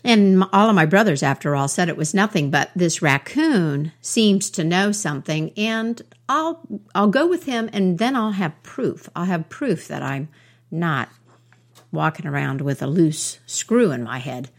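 A woman's voice: lowish voice, expressive, unhurried. A woman voicing a shy, curious little male mouse in a storybook tale, talking hesitantly and stammering. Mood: resolved.

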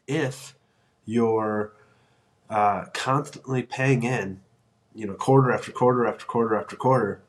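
A man's voice: mid-range voice, steady tone, measured pace. A middle-aged man hosting a solo podcast, talking earnestly and encouragingly, often restarting his sentences. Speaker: podcast host.

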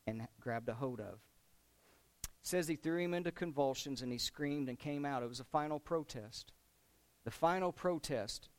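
A man preaching a sermon in an earnest, emphatic way, asking rhetorical questions of his listeners. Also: mid-range voice.

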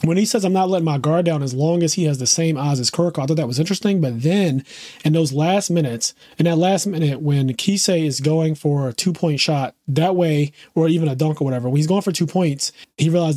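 A man's voice: on the high side, a little fast, warm tone, no echo, studio quality. A man co-hosting a podcast in casual chat, enthusiastic and explaining the plot in detail. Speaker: podcast co-host.

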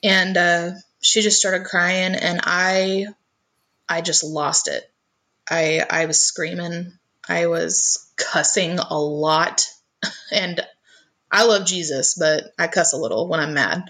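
Earnest woman with a lowish voice. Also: fairly even intonation, slow, bright, forceful tone. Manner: earnest, often repeats her first words. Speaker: guest telling her life story. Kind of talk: personal storytelling in conversation.

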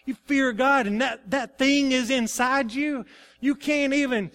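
High-voiced male pastor preaching. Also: a little slow, a bit bright. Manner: emphatic, then confessional and subdued. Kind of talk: sermon.

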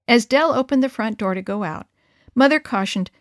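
A woman's voice: a little high, lively intonation, normal speed, no echo, clean studio sound. A woman reading a children's story aloud, lifting into character voices for the dialogue.

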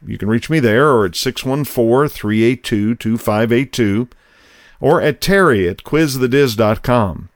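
A middle-aged man tells a personal story in a relaxed, folksy way on his podcast. His voice has a low gravelly rasp, and the sound is dry and close to the mic. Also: measured pace, no echo. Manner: folksy, conversational, acts out quoted voices. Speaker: podcast host.

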